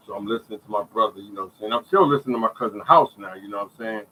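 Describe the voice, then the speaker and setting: A man telling his own story in a casual, animated way, repeating phrases and checking in with listeners. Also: lowish voice, very fast, few pauses, slight background noise, poor audio. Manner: animated storytelling, many repeated phrases, often asks "you hear me". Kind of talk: casual spoken testimony.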